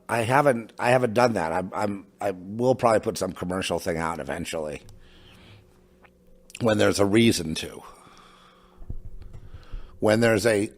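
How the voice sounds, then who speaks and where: Low-voiced man rambling casually. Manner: halting, many restarts and trailing asides. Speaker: podcast host. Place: home in New Mexico.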